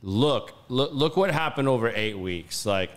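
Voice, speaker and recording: Profane, animated male podcast host. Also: mid-range voice, measured pace. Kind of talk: casual podcast chat.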